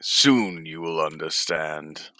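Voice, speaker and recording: A man voicing a cryptic, godlike male emperor in a tabletop role-play, speaking in grave, measured pronouncements. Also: extremely low pitch, pushed and bright, no echo, clean studio sound, voice pushed down, full character voice. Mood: solemn.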